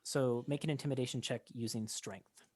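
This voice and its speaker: A game master narrating a tabletop game, talking haltingly with many fillers and restarts. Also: medium pitch, fairly even intonation, a little mellow, no room sound.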